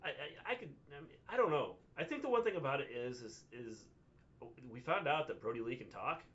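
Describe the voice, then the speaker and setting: A man co-hosting a livestream recap, speaking haltingly with many fillers and reading out viewer comments. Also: mid-range voice, expressive, fairly bright tone, dull audio. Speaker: wrestling show co-host. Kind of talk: casual livestream recap chat.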